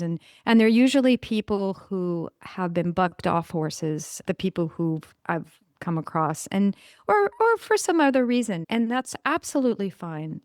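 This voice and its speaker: A woman's voice: mid-range voice, clear, resonant tone, no room sound, studio quality. A woman hosting her own podcast, talking casually and with enthusiasm, rambling a little and correcting herself as she goes. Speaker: podcast host. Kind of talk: casual solo podcast monologue.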